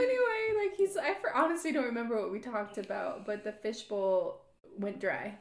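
Here a podcast host in her thirties recounts a story in casual chat, her fairly high voice lively in intonation and normal in speed. She dramatizes quotes and laughs often, and the recording has a roomy echo.

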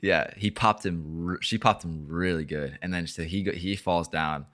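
A man's voice: deep voice, normal speed, fairly bright tone. A young man hosting a podcast, telling a story in a rambling, casual way with lots of swearing and filler words. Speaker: podcast host.

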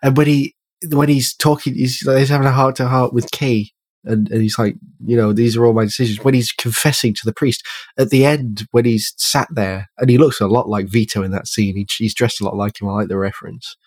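A man's voice: medium pitch, steady tone, brisk, darkish tone, no room sound. A man chatting casually about a film, wry and joking, often laughing. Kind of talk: casual film review chat.

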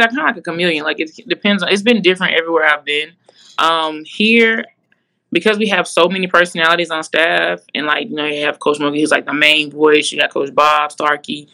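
Gravelly bright-voiced woman coach, laid-back. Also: low-pitched, rough recording. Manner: laid-back, chatty, acts out quoted players. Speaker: assistant basketball coach, guest. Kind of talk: casual interview chat.

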